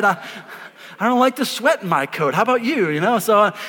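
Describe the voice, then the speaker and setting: A man, a pastor preaching an energetic sermon, emphatic and repeating words as he calls on the congregation to answer. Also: high-pitched, a little fast. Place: church auditorium before a congregation. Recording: live in a reverberant hall.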